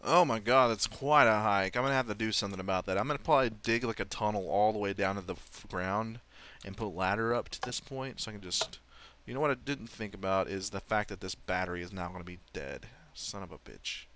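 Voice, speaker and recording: Young guy narrating his game run, lowish bright voice, rambly and sweary, laughs at himself. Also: fast. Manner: chatty, self-mocking, swears and laughs often. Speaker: let's play host. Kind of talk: casual gameplay commentary.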